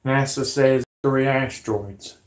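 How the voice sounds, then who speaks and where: A man with a drawl whose voice is hoarse and worn from illness. He rambles to his viewers, agitated and pleading, circling back over the same words again and again. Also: medium pitch, fairly even intonation, slow. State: hoarse, sick voice. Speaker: conspiracy vlogger. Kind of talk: rambling monologue to camera.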